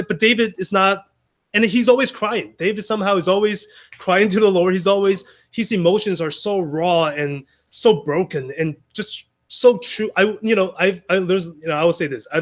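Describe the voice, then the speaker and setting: Guy preaching a casual sunday message, kinda high voice, lots of you know and restarts. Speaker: speaker sharing a Sunday message. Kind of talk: informal sermon.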